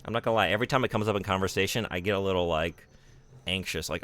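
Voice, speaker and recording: A man's voice: low-pitched, steady tone, quick pace, a bit bright. A man streaming a game, chatting casually with his viewers and poking fun at himself. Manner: chatty, self-deprecating, reads and answers chat. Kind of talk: casual live-stream chat while gaming.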